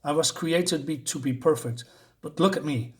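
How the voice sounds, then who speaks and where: A man's voice: on the high side, normal speed, natural voice. A man reading aloud the lines of a confused, self-doubting female android from a comic, in a plain voice.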